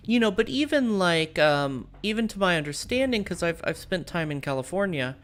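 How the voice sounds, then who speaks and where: A woman's voice: lowish voice, very animated, moderate pace. A woman from the United States streaming a strategy game and chatting casually with her viewers, rambling and full of fillers and restarts. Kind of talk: casual live-stream chat while playing a strategy game.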